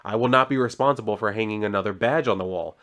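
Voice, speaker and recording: A man's voice: lowish voice, quick pace, a bit bright, lightly acted. A man reading the lines of a stern, protective male police chief from a comic, with firm, blunt warnings.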